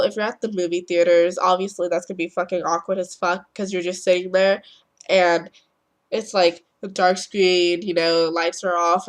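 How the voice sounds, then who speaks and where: Teen girl vlogger with a cold, rambling, swearing, acting out inner thoughts, casual advice. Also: mid-range voice. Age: teens. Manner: rambling, swears freely, acts out quoted thoughts. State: sick, voice affected by a cold.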